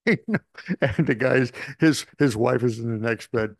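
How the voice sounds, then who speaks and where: A man in his seventies, a veteran radio newsman, telling lively anecdotes and acting out the voices in them. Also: mid-range voice, slow, pauses often, dry recording, clean studio sound. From Connecticut. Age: 70s. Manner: animated, acts out voices in his stories. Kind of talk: storytelling anecdotes.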